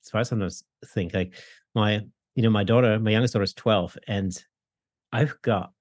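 A man's voice: fairly low pitch, steady tone, normal speed, darkish tone, dry recording, studio quality. A man in his forties in a casual podcast conversation, talking in a reflective, rambling way with many fillers.

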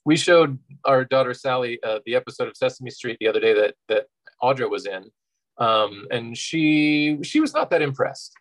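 A man's voice: medium pitch, normal speed, low-quality recording. A man, an actor and guest, chatting easily with many fillers and frequent laughs. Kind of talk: casual interview chat.

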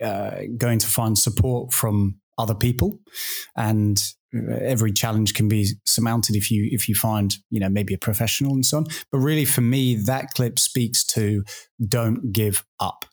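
A man's voice: lowish voice, fairly even intonation, normal speed. A man hosting a podcast, talking things through in a reflective, casual way. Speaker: podcast host. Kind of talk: casual discussion.

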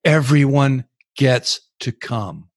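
A man's voice: mid-range voice, animated, takes it slowly, dry recording. Frank older man, dry close sound. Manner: frank, plain-spoken storytelling. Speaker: recovery speaker and sponsor. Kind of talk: live Q and A talk. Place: live event.

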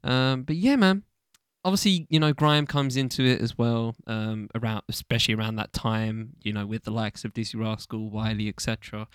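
A man's voice: mid-range voice, normal speed, smooth, no room sound, clean studio sound. A young man from the UK hosting a casual solo podcast, rambling loosely with lots of ums and casual swearing. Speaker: podcast host.

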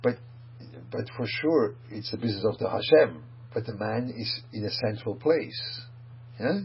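Male rabbi type, lowish voice, emphatic lecturing; dull, hum-laden recording. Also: expressive, a little slow, husky. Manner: emphatic, rhetorical questions, mixes Hebrew and Yiddish phrases. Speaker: rabbi teaching. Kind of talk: Torah lecture on Psalms.

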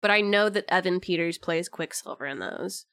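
A woman's voice: on the low side, normal speed, a bit bright, dry recording, clean studio sound. A young woman co-hosting a podcast, chatting casually with lots of filler words and eager questions. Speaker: podcast co-host. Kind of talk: casual chat.

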